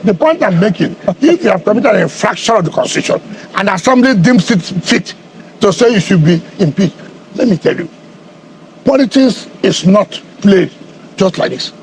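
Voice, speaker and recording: A man's voice: high voice, big pitch swings, moderate pace, a little mellow, a little hiss or hum. A middle-aged man from Nigeria, a politician answering in a heated media interview, combative and repeating his questions for emphasis.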